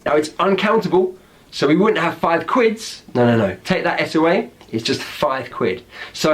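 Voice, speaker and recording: A British man with a fairly high voice teaches slang with a chatty, teacherly manner. He breaks into little acted-out example phrases as he explains. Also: lively intonation, moderate pace. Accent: British English. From Britain.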